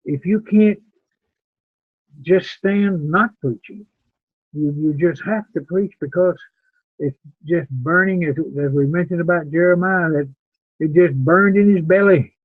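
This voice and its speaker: A man's voice: on the high side, measured pace, no echo. An older man teaching preaching students in an earnest, plain-spoken way, often repeating words as he thinks. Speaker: preaching instructor. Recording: tinny phone-like sound.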